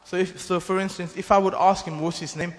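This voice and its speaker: Male, earnest testimony-teller, loose rambling delivery, a bit high-pitched, echoing church hall. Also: level tone, a little fast. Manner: earnest, rambling storytelling with many restarts. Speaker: mission team member giving testimony. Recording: long hall reverb.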